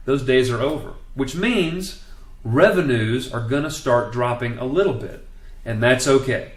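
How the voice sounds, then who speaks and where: A man's voice: medium pitch, unhurried, echoey room. A man giving casual, opinionated commentary, emphatic and full of restarts. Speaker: commentator on network marketing law.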